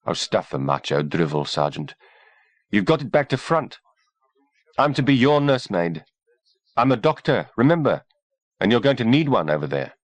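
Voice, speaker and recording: A man's voice: medium pitch, very animated, normal speed, pauses often, dry recording, voice pushed up. A man voicing a self-assured young female doctor with a dry, witty manner.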